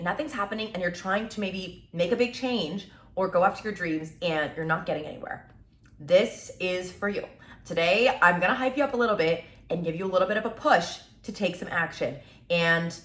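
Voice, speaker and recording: A woman in her twenties giving an energetic, tough-love motivational talk as a content creator. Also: on the low side, reverberant. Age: 20s.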